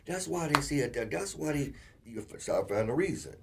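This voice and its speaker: A man co-hosting a casual relationship talk show, telling animated stories and acting out quotes. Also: mid-range voice, fairly quick, vocal fry, very noisy. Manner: animated storyteller, acts out quotes. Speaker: co-host.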